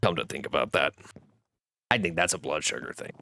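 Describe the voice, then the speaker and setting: A man streams a game in a bright, forceful voice with lively intonation, speaking fairly quickly over slight background noise. He reads chat aloud, thanks viewers and makes jokes at his own expense, his pitch rising and falling as he talks casually.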